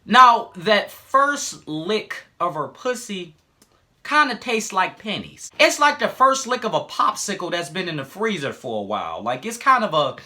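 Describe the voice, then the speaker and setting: Animated bright-voiced young man telling crude stories. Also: high-pitched, unhurried. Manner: crude, profane and animated, with frequent asides. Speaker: storytime YouTuber. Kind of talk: casual storytelling vlog.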